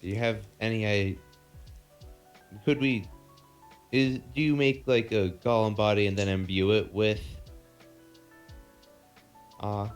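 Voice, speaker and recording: A man playing a tabletop game, speaking hesitantly and in halting starts. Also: fairly low pitch, fairly even intonation, faint music behind. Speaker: player. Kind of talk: casual tabletop game play.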